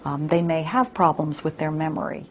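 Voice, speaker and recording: A woman expert explaining in a measured way, with some fillers, in an interview. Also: deep voice, steady tone, a little hiss or hum. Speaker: brain injury expert.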